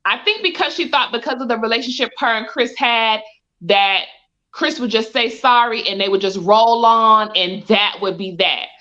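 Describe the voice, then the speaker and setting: A woman in a casual talk-show chat, giving measured, thoughtful opinions. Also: on the high side, bright, forceful tone. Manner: measured, thoughtful commentary with repeated "I think". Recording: dull lo-fi sound.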